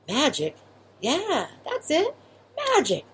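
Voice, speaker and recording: Storybook mouse, the bigger brother, bossy and easily puzzled, voiced by a woman; squeaky, lively. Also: slow, a little hiss or hum, full character voice.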